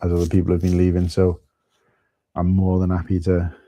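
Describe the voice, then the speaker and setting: A man's voice: deep voice, completely flat delivery, fairly quick, dark tone, dry recording. A man with a Welsh accent, chatting casually with viewers as host of a live stream, calling them mate.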